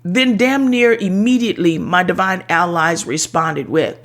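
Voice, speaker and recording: An older woman, an author, speaking in an earnest, candid personal monologue, slow and reflective, with occasional cursing. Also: fairly low pitch.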